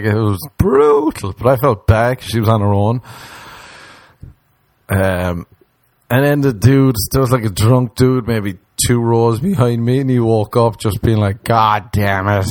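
A man's voice: fairly low pitch, unhurried, darkish tone, no room sound. A man, a comedian telling a rambling story in casual chat, swearing and acting out the people he quotes. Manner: swearing, acts out quoted voices.

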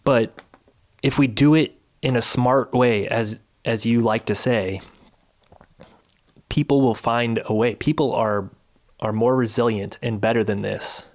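A man's voice: medium pitch, steady tone, measured pace. A man hosting his own video series from his couch, delivering a fiery, indignant rant full of hammering rhetorical questions. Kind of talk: angry ranting commentary. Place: at home on a couch.

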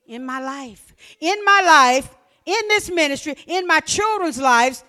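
A woman preaching a fervent sermon, repeating phrases and often shouting. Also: high-pitched, expressive, a little slow.

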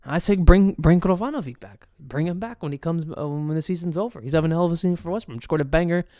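On a casual solo soccer podcast, a male host delivers an animated fan rant full of swearing, filler words and restarts. He has a fairly high pitch and talks fast, in studio-quality audio with no room sound.

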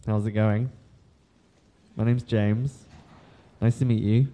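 A man's voice: fairly low pitch, fairly even intonation, takes it slowly, dark tone. A man hosting a podcast in casual chat, rambling with lots of ums, laughing and swearing as he goes. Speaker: podcast host.

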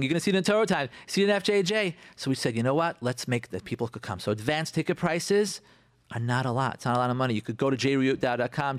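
A man's voice: fairly high pitch, no echo. A man hosting a radio talk show, enthusiastically promoting an event with repeated phrases and Hebrew expressions. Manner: animated, repetitive, sprinkled with Hebrew phrases. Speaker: radio host.

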